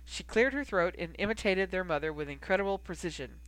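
Audiobook narrator, steady storytelling, dry close sound, mid pitch. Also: brisk, few pauses, no echo, poor audio. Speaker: audiobook reader. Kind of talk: scripted narration.

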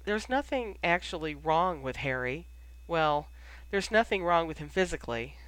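An audiobook reader voicing a tired, shaken teenage girl who speaks haltingly. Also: mid-range voice, lively intonation, fairly bright tone, clear, resonant tone, no room sound, natural voice, rough recording. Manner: hesitant, halting. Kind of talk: audiobook character voice.

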